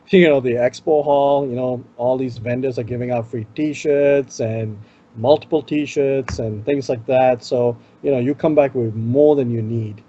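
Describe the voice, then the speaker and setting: A man's voice: medium pitch, steady tone, a little slow, warm tone, dull audio. A man with an Indian accent, co-hosting a casual chat show and giving conference travel tips, talking loosely with lots of "you know". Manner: chatty, fills with "you know". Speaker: podcast co-host.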